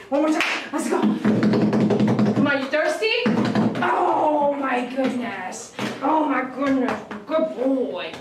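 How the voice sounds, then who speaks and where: High-voiced woman cooing at a dog. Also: takes it slowly, very noisy. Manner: coos and praises the dog in baby talk. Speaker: dog groomer and channel host. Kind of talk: live-stream grooming with talk to the dog. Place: grooming salon. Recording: echoey room, mic some distance away.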